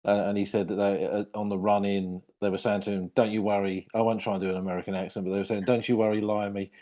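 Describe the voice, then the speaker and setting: Deep mellow British man. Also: little pitch movement, rapid-fire. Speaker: podcast host. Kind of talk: casual conversation.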